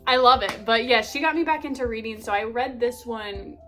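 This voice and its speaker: A young woman with a slightly high voice gushes about her favorite reads in a relaxed, chatty vlog. She talks with bubbly enthusiasm and loose fillers. Soft music plays faintly behind her. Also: fairly quick. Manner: gushing, animated, many fillers like "like". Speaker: book vlogger. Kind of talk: casual book review chat.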